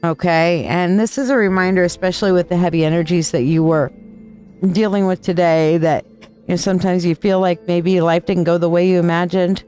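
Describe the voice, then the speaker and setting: A woman's voice: fairly low pitch, steady tone, a little fast, darkish tone, clear, resonant tone, faint music behind. Chatty affectionate woman reading tarot. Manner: chatty and affectionate, calls viewers sweetheart; folksy, loose and rambling. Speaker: tarot reader and live stream host. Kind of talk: casual live tarot reading.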